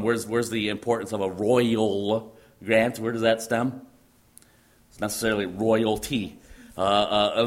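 A man preaching a sermon, teaching emphatically and repeating phrases for stress. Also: on the low side.

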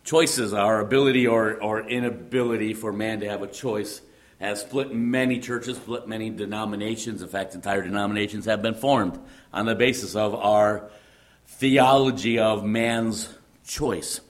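Deep-voiced Midwestern pastor preaching. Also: male voice, steady tone. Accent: Midwestern American. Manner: conversational and halting, frequent fillers and restarts, gently humorous. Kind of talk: sermon.

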